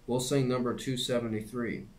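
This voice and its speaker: A man voicing a church music leader who lines out hymns slowly in a rumbling voice. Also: steady tone, natural voice. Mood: chanting. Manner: slow, drawn-out hymn lining.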